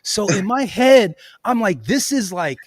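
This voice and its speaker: A man telling a long, animated story in a casual chat, often laughing and saying "bro.". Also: high-pitched, unhurried, slight background noise. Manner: animated, laughs often, says "bro" and "you know what I'm saying". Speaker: podcast host.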